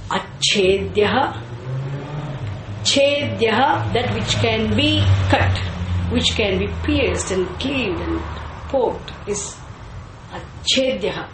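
A woman leads a scripture class at a very unhurried pace. She repeats key Sanskrit terms and poses questions to her listeners before answering them herself. Her voice rings in an echoey room over a faint hum of ambience. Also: mid-range voice, expressive. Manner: slow and deliberate, repeats and chants Sanskrit terms. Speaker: teacher of scripture.

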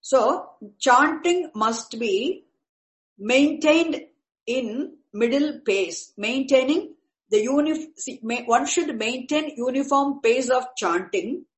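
A woman teacher lectures on chanting in a slightly high voice. She speaks slowly and patiently, circling back to repeat and rephrase each term. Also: lively intonation, low-quality recording. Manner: patient, repeats and restarts while explaining terms.

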